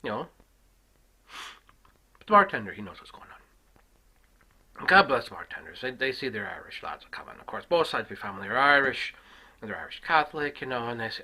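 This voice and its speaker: A man telling a family story as a comic rant, swearing heavily and swinging from loud outbursts to hushed asides. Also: medium pitch, sing-song, fairly quick, long pauses, slightly rough, rough recording. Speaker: comic ranter.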